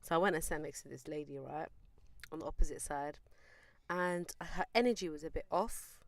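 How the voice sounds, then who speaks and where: A young woman, telling a lively story on a casual podcast and acting out the people in it. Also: deep voice, moderate pace, no echo. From England. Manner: animated, mimics people in her story. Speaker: podcast host.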